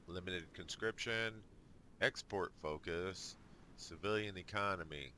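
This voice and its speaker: A man with a very low, bright-edged voice talks through his strategy game in a casual let's play. He thinks aloud at an unhurried pace and drops dry little jokes as he goes. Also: a little hiss or hum. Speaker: gamer.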